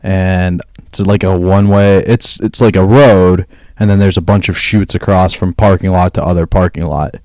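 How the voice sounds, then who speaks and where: A man with a deep, steady, slightly mellow voice talks at a normal speed in casual podcast chat, with no room sound. He tells a long, rambling story, acting out what everyone said.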